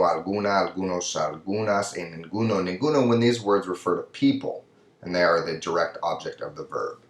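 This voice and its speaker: A man with a very low voice gives a recorded lesson over slides, explaining step by step and often checking in with the listener. His voice rings in an echoey room. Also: fairly bright tone. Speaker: Spanish teacher.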